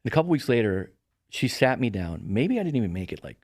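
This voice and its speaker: A man's voice: medium pitch, quick pace, no echo, clean studio sound. A middle-aged man, a podcast guest, telling stories in a casual chat and acting out the people he quotes. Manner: animated storyteller, acts out quoted voices. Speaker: podcast guest, real estate broker.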